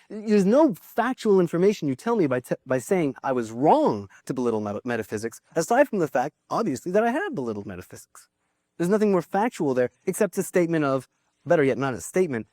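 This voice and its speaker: Male lecturer, animated intonation, dry close sound, classroom lecture. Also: mid-range voice, brisk, no room sound. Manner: lively, thinks aloud with restarts and asides. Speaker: philosophy lecturer.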